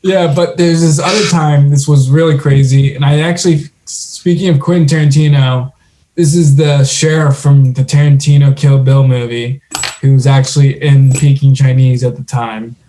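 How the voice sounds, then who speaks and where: This young man's mid-range, mellow voice moves at a moderate pace with fairly even intonation as he co-hosts a podcast, telling rambling stories in casual chat with many fillers and restarts.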